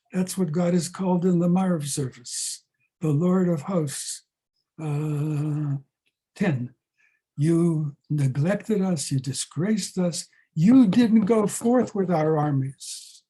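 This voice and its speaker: Slow, emphatic older rabbi teaching. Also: male voice, high-pitched, warm tone, husky. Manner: dramatic, repeats words for emphasis. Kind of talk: slow, emphatic scripture lesson.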